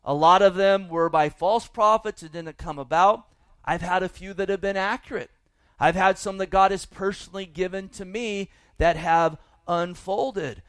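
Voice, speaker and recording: A man's voice: high-pitched, fairly even intonation, normal speed, clear, resonant tone, dry recording. A man preaching a sermon as pastor, folksy and emphatic, with asides to the congregation.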